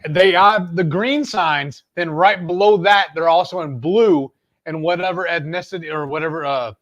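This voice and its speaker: A man hosting a cooking video in his home kitchen, talking in a relaxed, folksy way. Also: a little high, moderate pace. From Texas. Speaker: cooking channel host. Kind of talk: casual chat while cooking.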